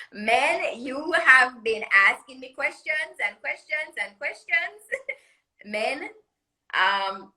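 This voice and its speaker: Caribbean woman designer, bright crisp tone, chatty and promotional, live stream call audio. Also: sits high, animated, slow, low-quality recording. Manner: chatty, laughs often, promotional. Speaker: jewelry designer guest. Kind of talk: live social media interview. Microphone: phone or webcam on live video call.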